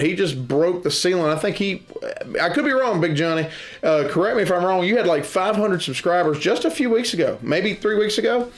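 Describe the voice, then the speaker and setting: Enthusiastic rambling man, slightly high voice. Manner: rambling, enthusiastic, with many restarts; loud and boisterous at times. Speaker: board game channel host. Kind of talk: casual chat to camera.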